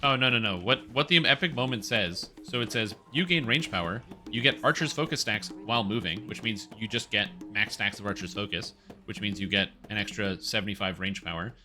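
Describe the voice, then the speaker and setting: A man chats through a game stream in a loose, rambling way, swearing casually and getting excited as he goes. His voice is strikingly bright and forceful, and it sits fairly low. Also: a little fast, faint music behind. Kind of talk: casual gameplay commentary.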